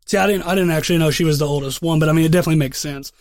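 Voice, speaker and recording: A man's voice: fairly high pitch, racing, a little mellow, no room sound, clean studio sound. A young man co-hosting a podcast, telling rambling stories in casual chat with heavy swearing. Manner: profane, rambling storyteller. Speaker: podcast co-host.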